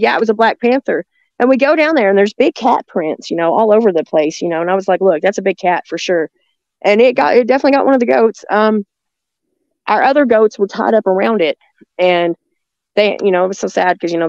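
A woman's voice: medium pitch, vocal fry, dry recording. A woman tells a rambling story in a chatty voice, filling it with likes and ums. The audio sounds dull and dry. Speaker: guest. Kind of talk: casual storytelling.

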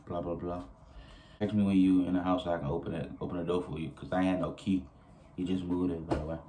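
Young man, lowish voice, big swings in pitch, loose profane storytime vlogger. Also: slight background noise. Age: young adult. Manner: animated, profane, laughing storyteller. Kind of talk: casual storytime.

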